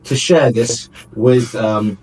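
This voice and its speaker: A man's voice: medium pitch, steady tone, takes it slowly, a little mellow, poor audio. A man presenting a light-hearted radio chat, telling stories in a wry, joking way.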